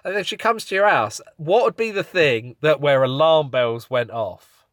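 A man's voice: on the high side, animated, normal speed, dry recording, clean studio sound. A man co-hosting a podcast in casual comedic chat, rambling as he sets up scenarios. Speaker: podcast co-host.

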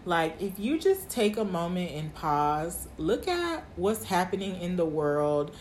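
A woman's voice: on the low side, very animated, a little slow, darkish tone, a little hiss or hum. A woman in her twenties hosting her podcast, talking candidly and casually to her listeners. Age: 20s. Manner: candid, chatty, uses y'all. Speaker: podcast host. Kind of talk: casual monologue.

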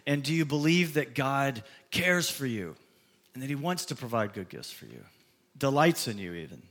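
A man's voice: medium pitch, big pitch swings, moderate pace, fairly bright tone. A man in his fifties from the American Midwest, a pastor preaching a conversational, storytelling sermon. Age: 50s.

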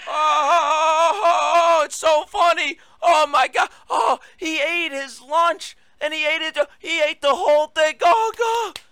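A man's voice: extremely high pitch, slow, few pauses, sharp tone, no echo, voice pushed up, exaggerated voice. A man putting on a mocking, gushing sing-song voice, like someone praising a toddler. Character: man cooing at a grown man as if he were a toddler.

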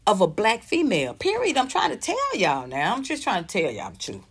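A woman in her fifties delivers pop culture commentary, her pitch leaping and dropping all over the place. She is emphatic and blunt, swearing freely as she reacts to posts she reads aloud. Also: wildly swooping pitch, fairly quick, breathy edge. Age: 50s. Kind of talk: animated commentary vlog.

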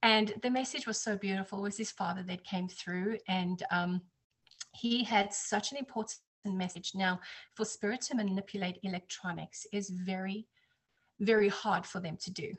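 Woman reader chatting, tells stories with lots of life, jumps way up when she quotes people. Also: moderate pace. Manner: animated, acts out quotes in higher voice. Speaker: psychic reader, guest. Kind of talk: casual storytelling chat.

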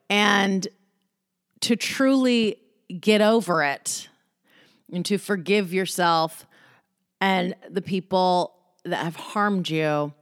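A woman's voice: mid-range voice, slow pace, pauses often, dry recording, studio quality. A woman hosting a casual self-help monologue, candid and joking, with profane asides.

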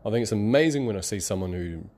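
Rambling low-voiced man. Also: lively intonation, darkish tone. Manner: rambling, conversational, sarcastic, quick to laugh. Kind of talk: motivational monologue.

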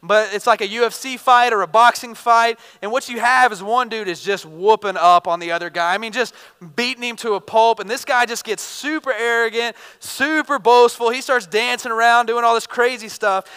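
Bright-voiced male preacher in a big hall. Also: very high voice, steady tone, moderate pace, hardly any pauses, clear, resonant tone. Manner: earnest, conversational preaching with swings from loud bursts to quiet intensity. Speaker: pastor. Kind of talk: sermon. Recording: reverberant hall.

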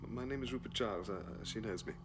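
A man's voice: on the low side, fast, lightly acted. An actor playing a stammering, shaken man on the phone. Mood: shaken, hushed. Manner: stammering, hesitant, hushed. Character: shaken middle-aged man making a grim phone call. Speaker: character in a TV drama clip. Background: music under the dialogue.

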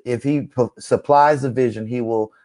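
A man's voice: fairly even intonation, moderate pace, darkish tone. A man hosting a casual faith conversation, encouraging, his voice rising like a preacher's when he makes a point. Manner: encouraging, preacher-like rises in pitch. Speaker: host.

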